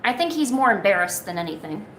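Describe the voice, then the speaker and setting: A woman live-streaming casually, often cooing to her cats in a high, soft baby-talk voice. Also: big pitch swings, quick pace, a little hiss or hum. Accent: American. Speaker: art streamer.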